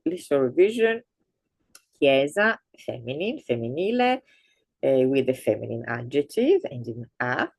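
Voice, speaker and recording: In a dry recording, a woman's rumbling low voice leads an online language lesson. She explains things slowly, stumbling through fillers and restarts, and exaggerates intonation for her learners.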